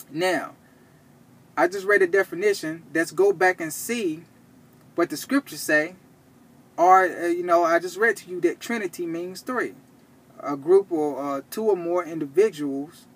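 Husky-voiced man teaching scripture. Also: fairly high pitch. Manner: checks in with "okay?" after each point; reads verses slowly and deliberately. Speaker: Bible teacher.

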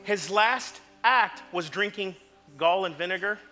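A male pastor preaching an impassioned sermon in a church, moving from quiet asides to shouts. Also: high-pitched, a little slow, soft background music. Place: church sanctuary.

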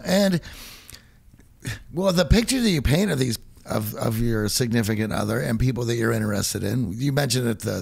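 Podcast co-host: American man from Pittsburgh, husky and gravelly, restarts a lot mid-sentence. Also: medium pitch. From Pittsburgh, USA. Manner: restarts, stammers, rising emphasis. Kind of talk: casual podcast conversation.

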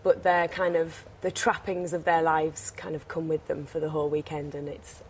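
A young actress with a Teesside accent, chatting in a TV interview in a bubbly, rambling way. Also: female voice, low-pitched, little pitch movement, moderate pace, darkish tone, slight background noise. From Teesside, England. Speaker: actress, studio guest.

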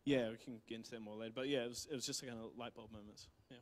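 A man with a New Zealand accent retells a missionary's story during a church talk, rambling through many fillers and restarts in casual sermon storytelling. His medium-pitched voice keeps a fairly even intonation, and he races along.

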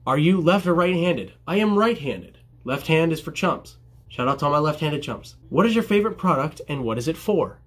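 A young man chats straight to camera, answering viewer questions about his barbering work. His voice is a touch high for a man and slightly husky. He jokes at his own expense and slips into quick impressions of his customers. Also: lively intonation, fairly bright tone. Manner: jokey, self-deprecating, mimics customers. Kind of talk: casual vlog Q&A.

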